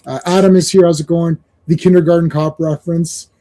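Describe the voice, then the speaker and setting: A man's voice: a little high, a little fast. A man hosting a casual comics livestream, chatting with co-hosts and greeting viewers in chat. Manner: animated, laughs often, reads chat aloud. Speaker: podcast host.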